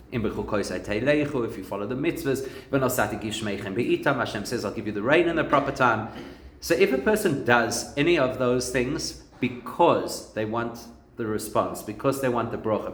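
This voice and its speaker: A rabbi gives a relaxed, conversational Torah lesson and works humorous stories into it. His voice sits at an ordinary pitch for a man. The recording has a noticeably roomy echo. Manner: conversational teaching with humorous anecdotes.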